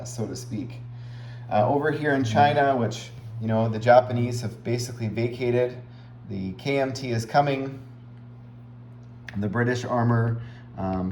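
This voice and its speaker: A man's voice: medium pitch, a little mellow. A man talks through a strategy board game round in an easy, explanatory way, pointing things out on a map and leaning on fillers as he goes. His voice sits in a middling register. The recording is roomy and echoey, with a faint hum underneath.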